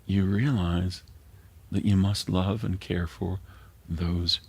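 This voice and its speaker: A man's voice: low voice, fairly even intonation, takes it slowly, gravelly, husky. An older man preaching a sermon as pastor, earnest and emotional, sometimes dropping to a whisper. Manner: earnest, emotional, drops to a whisper at tender moments.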